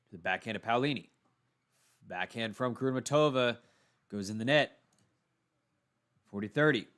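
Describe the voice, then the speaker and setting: A man with a Texan accent giving calm live tennis play-by-play, calling serves and shots with brief asides. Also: mid-range voice, normal speed, smooth. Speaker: tennis commentator. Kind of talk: live solo watchalong commentary.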